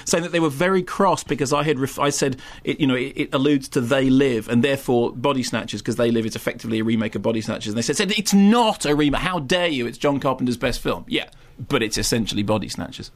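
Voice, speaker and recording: A man reviewing films on a radio show, talking quickly in long digressions full of stumbles and restarts. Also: medium pitch. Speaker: film critic. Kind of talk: radio film review chat.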